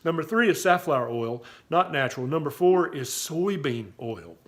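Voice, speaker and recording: A man's voice: fairly high pitch, sing-song, normal speed, a bit bright. A man with a Southern US accent giving emphatic, folksy health advice straight to camera as a doctor, often checking with "okay?". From Southern US, Tennessee. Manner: emphatic, folksy, repeats "okay?" to drive points home. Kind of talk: direct-to-camera health talk.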